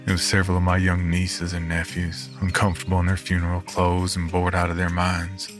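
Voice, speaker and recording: A man with a very low, deep voice reads a first-person horror story. He narrates in a reflective, measured manner, with soft music under him. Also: completely flat delivery.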